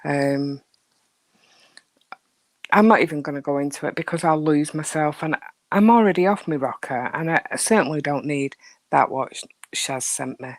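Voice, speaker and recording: A woman's voice: low-pitched, moderate pace, long pauses, no room sound. A woman hosting a casual live stream, chatting with viewers in a rambling way, often dropping to a near whisper, with a dry throat. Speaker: livestream host.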